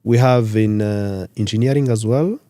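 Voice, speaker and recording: A man from Rwanda, a career expert guest on a radio interview, explaining in numbered points with lively emphasis. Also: fairly low pitch, moderate pace, no room sound. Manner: animated, lecturing in numbered points. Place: radio studio.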